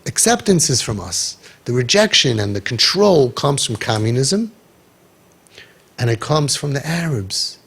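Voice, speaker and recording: A man guiding parents in an impassioned talk, forceful and sarcastic, peppering his speech with Hebrew and Yiddish terms. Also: fairly high pitch, gravelly, slightly rough. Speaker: parenting guide.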